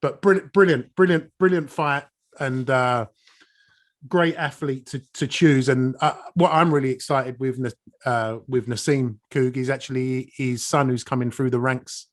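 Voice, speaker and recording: A man's voice: medium pitch, steady tone, normal speed. A man hosting a podcast, chatting casually and enthusiastically, often repeating words for emphasis. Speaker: podcast host. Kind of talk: casual interview chat.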